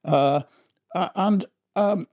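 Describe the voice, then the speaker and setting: A man's voice: sits high, drawn-out words, darkish tone. A middle-aged man giving a casual, rambling spoken review of a vinyl album, often restarting his sentences. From Britain.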